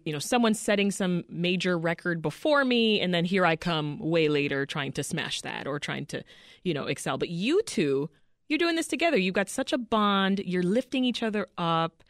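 A woman radio host leading an interview in a measured, attentive way. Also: fairly low pitch, no room sound, studio quality.

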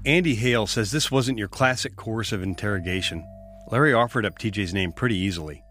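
A man with a fairly low voice narrates a true-crime podcast in a measured, matter-of-fact tone. Faint music plays softly beneath his narration. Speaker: podcast host and reporter. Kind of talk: scripted narration and interviewing.

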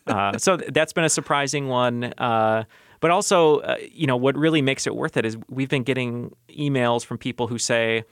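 A man's voice: mid-range voice, normal speed, smooth, dry recording. Earnest man talking in a dry studio. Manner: earnest, thoughtful, with many fillers and restarts. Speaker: podcast host as a radio guest. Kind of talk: conversational interview answers. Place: radio studio.

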